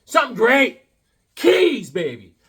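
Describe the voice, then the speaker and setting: Male comic vlogger, high and lively voice, joking and rambling. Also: takes it slowly, slight background noise. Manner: joking, rambling, animated riffing. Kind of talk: comedic casual monologue.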